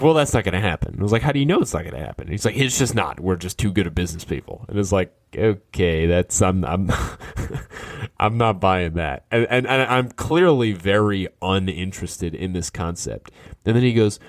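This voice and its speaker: A man casually telling an anecdote, animated and skeptical, quickly quoting the other people in it. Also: low-pitched, no echo, studio quality. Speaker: storyteller. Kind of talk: casual storytelling.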